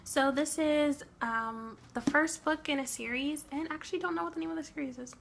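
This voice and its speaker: A woman's voice: sits high, a little fast, gravelly, a bit bright, slight background noise. A young woman chatting casually about a book she read, laughing often and acting out bits of dialogue. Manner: chatty, laughs often, slips into acted quotes. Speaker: book reviewer. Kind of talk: casual chat.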